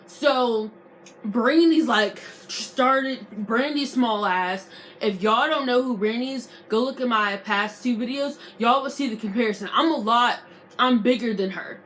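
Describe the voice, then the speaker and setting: Young woman vlogger, lively slangy storyteller, slightly high voice, faint background hum. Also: measured pace. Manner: animated, slangy, re-enacts arguments. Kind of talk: casual storytime vlog.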